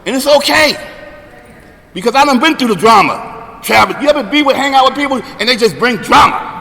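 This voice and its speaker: Guy in his late sixties sharing at a recovery meeting, high sharp voice, lots of right and man, long hall echo. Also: lively intonation, brisk, creaky. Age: 60s. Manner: conversational, keeps checking in with "right?" and "man"; grows louder and emphatic on key points. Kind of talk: personal recovery share.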